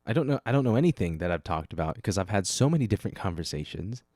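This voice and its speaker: A young man with a low, mellow voice talks through a solo podcast in a loose, wandering way. He keeps cutting himself off and tossing in casual swears. The sound is close and dry, with no room around it. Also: expressive, fast talker, no room sound. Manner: rambling, self-interrupting, casual swearing. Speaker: podcast host.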